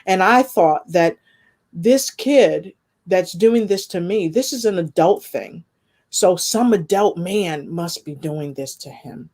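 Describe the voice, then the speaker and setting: A woman guest sharing a personal testimony in conversation, earnest and expressive, with faith woven through her talk. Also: lowish voice, slow. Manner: earnest, expressive storytelling with spiritual references.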